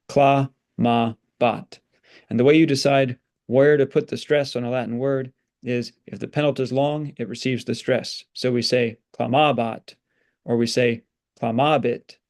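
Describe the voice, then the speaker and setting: A man with a middle-pitched, slightly mellow voice teaches a Latin lesson. Patiently explaining, he reads example sentences, translates them and splits words into syllables.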